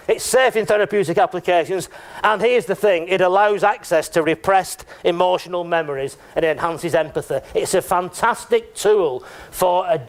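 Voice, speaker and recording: Give me a man speaking at a conference, chatty and wry, with a high voice. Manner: chatty and joking, with frequent tag questions. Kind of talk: conference talk. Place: lecture room.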